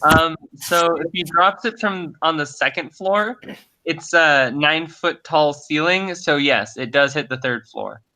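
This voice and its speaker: A man's voice: a little high, a little slow, bright, forceful tone, slight background noise, rough recording. A man narrating a tabletop game as dungeon master, hesitant with many fillers.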